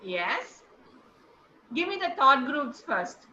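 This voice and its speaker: A woman's voice: high-pitched, big pitch swings, slow, pushed and bright, slight background noise. A woman teaching intonation to a class, encouraging and praising students as she goes. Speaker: speech trainer. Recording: roomy, dull-sounding recording.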